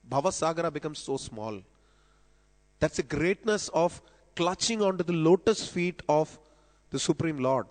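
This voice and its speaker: A man delivers a devotional sermon in a temple hall, his somewhat higher voice carrying a long reverb. He explains scripture patiently and lifts his voice when he quotes a verse. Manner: explanatory, quotes scripture with rising emphasis, coughs now and then. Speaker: speaker at temple festival lecture. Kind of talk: devotional lecture.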